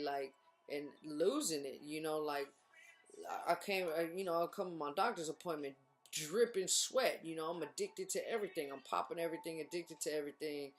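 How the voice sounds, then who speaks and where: Animated woman in her thirties telling her story. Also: deep voice. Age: 30s. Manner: animated, slangy, acts out voices of others. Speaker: speaker sharing her recovery story. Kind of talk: casual storytelling talk.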